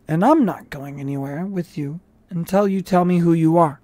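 A storyteller voicing a stubborn young man stuck in a jail cell, speaking loudly and insistently. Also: medium pitch, normal speed, no echo, lightly acted. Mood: defiant.

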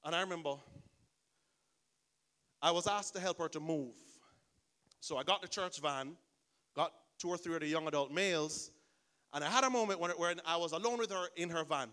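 A man preaching a sermon as pastor, telling a story in an animated way and acting out the people in it. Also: on the high side, moderate pace, long pauses, clear, resonant tone.

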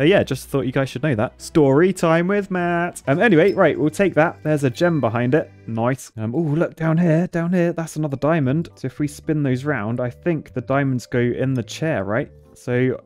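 A young man chatting excitedly as he thinks aloud through a puzzle game. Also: mid-range voice. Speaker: gaming YouTuber. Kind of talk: casual let's-play commentary.

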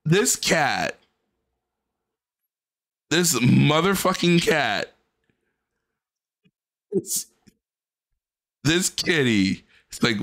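A man's voice: medium pitch, extremely slow, pauses often, fairly bright tone. A man casually commenting on a clip, profane and mocking, often mimicking the cat in voices.

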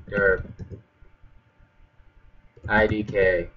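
A man's voice: fairly low pitch, drawn-out words, pauses often, muffled recording. A young man hosting his gaming channel, chatting goofily over his gameplay and breaking into squealing yelps. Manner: goofy, jumps to sudden squealing yelps. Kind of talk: casual gameplay commentary. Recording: loud game gunfire behind. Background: shooter game gunfire and clicks.

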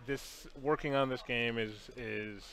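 A male developer in a relaxed studio stream conversation, with a voice of ordinary pitch. He speaks earnestly and rambles a little, often restarting his sentences. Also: measured pace. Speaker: game developer co-host. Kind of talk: casual livestream chat.

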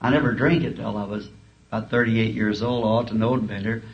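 A man's voice: fairly low pitch, fairly even intonation, fast talker. A male preacher telling humorous, folksy stories in a sermon, chuckling as he talks. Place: school auditorium. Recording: dull lo-fi archive tape, faint hiss.

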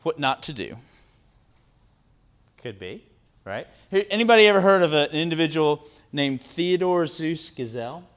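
A man's voice: fairly high pitch, lively intonation, measured pace, long pauses, smooth. A middle-aged man giving a conversational motivational talk to students, often asking the audience questions and tagging on "right?". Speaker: guest speaker. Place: university lecture room.

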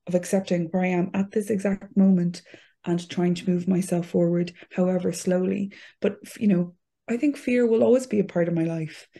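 A woman's voice: medium pitch, gravelly, dark tone. An Irish woman, a guest on a podcast, talking frankly and candidly and laughing easily. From Ireland. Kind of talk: casual interview chat.

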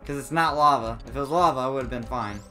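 A man giving let's play commentary, excitable and comically dramatic, jumping into high squeaky exclamations over faint game music. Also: fast.

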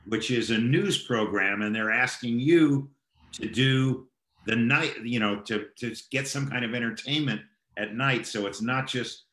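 A man's voice: medium pitch, a bit bright. Male host in an echoey room. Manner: casual, halting questions. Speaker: interview host. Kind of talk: conversational interview.

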